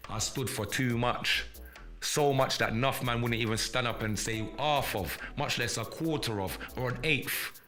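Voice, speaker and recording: Defiant, profane man with a sharp voice. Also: medium pitch, normal speed, faint music behind. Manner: profane, defiant, repetitive and threatening. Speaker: live podcast host. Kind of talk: confrontational livestream rant.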